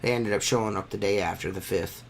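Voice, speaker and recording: A man's voice: fairly low pitch, fast talker. A man telling stories in a casual podcast chat, swearing freely and ranting about bills. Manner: profane, ranting storyteller. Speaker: podcast host.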